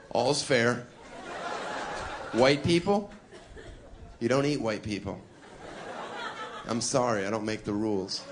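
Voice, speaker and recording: A man doing a live stand-up routine on a comedy club stage, cheeky, with deadpan asides and chuckles at his own jokes. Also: medium pitch, slow pace, long pauses, background noise.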